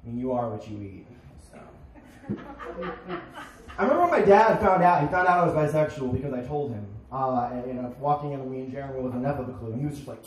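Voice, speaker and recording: A young man performing a stand-up comedy set on a bar stage, with deadpan punchlines and sudden shouted bits. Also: mid-range voice, fast. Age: young adult. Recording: echoey bar, crowd noise, distant. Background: crowd laughing.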